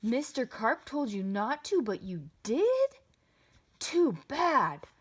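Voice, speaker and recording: A woman voicing a brisk, matter-of-fact policeman in a children's storybook. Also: on the high side, big pitch swings, fairly bright tone, slightly rough, pitched above the performer's own voice, exaggerated voice. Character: brisk grown-up male policeman.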